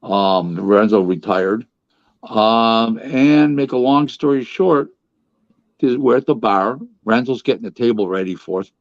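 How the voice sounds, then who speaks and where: A man who works as a boxing advisor, telling a casual anecdote in an animated way and stumbling through restarts. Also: mid-range voice, measured pace, dry recording. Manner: animated storyteller, restarts and acts out other people's voices. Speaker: boxing advisor and interview guest. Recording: dull lo-fi, dry audio.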